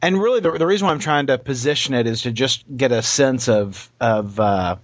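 A man telling an anecdote and chatting with friends, animated and halting, with many restarts, over dry, slightly dull audio. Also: mid-range voice, no echo. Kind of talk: casual storytelling and chat.

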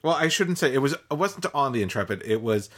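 A man's voice: medium pitch, animated, fairly quick, a bit bright. A man co-hosting a podcast in casual chat, wry and laughing often between lines. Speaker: podcast co-host.

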